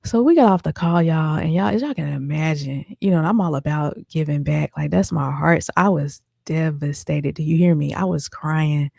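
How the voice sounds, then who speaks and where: A woman's voice: low voice, moderate pace, vocal fry, hardly any pauses, mellow, no echo, studio quality. A woman podcast host telling a personal story in a chatty, casual way, talking straight to her listeners with lots of fillers. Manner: chatty, addresses listeners as y'all, many fillers.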